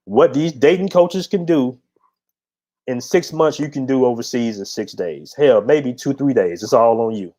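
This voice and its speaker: On his own channel, a middle-aged man spins a casual story at normal speed in a warm, medium-pitched voice. He's laid-back, blunt and profane, and the recording sounds dull and lo-fi.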